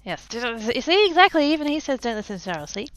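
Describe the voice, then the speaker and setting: Bubbly woman streamer, very animated pitch. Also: quick pace. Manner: playful and silly, with sudden high squeals; reads and answers chat as she goes. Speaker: livestreamer. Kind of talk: casual livestream chat with viewers. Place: at home.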